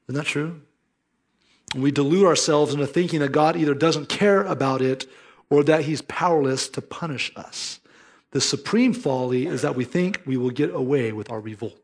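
A man's voice: fairly high pitch, moderate pace. A man preaching a sermon as pastor, earnest and emphatic, mixing scripture with storytelling.

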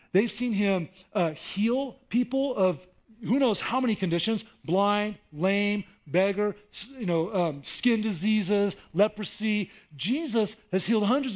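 High-voiced man preaching a sermon. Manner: conversational preaching, rising to animated emphasis. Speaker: pastor.

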